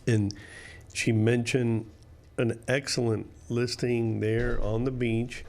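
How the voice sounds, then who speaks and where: A man's voice: mid-range voice, level tone, slow pace, a little mellow, slight background noise. A man hosting a radio interview show, upbeat and encouraging toward his guest.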